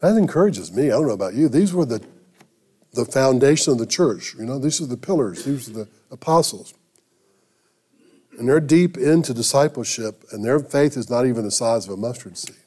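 Mellow-voiced male pastor telling a story. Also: medium pitch, animated, slightly rough. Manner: conversational, halting with restarts. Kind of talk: sermon with storytelling.

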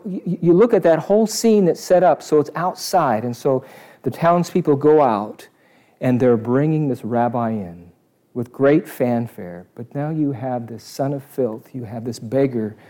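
A man preaches an animated sermon in a medium-pitched voice, performing the voices of characters from the story. He swings between loud outbursts and hushed asides.

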